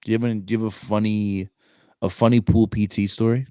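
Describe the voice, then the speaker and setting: A man co-hosting a podcast, a Marine recruiter telling stories in casual, animated chat full of swearing and "bro". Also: on the low side, fast, clean tone, no room sound, studio quality. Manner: animated, profane, says "bro" a lot.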